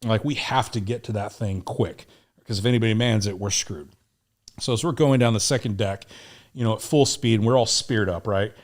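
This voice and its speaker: On a podcast, a middle-aged American guest recounts a war story in a lowish voice at a moderate pace. The telling is casual and full of swearing, and he animatedly acts out the quotes.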